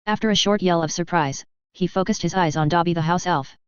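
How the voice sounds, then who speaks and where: A woman reads a story aloud with a very clear, smooth voice pitched a little low. She keeps a steady, even storytelling pace. The recording sounds dry and slightly dull. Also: fairly quick, no room sound. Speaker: narrator. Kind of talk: audiobook reading of fan fiction.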